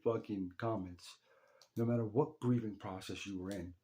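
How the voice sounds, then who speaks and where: A man's voice: fairly low pitch, steady tone, normal speed, warm tone. A young man speaking directly to his late father, telling a raw, emotional story of his parents' funeral and swearing freely. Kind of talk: emotional personal monologue.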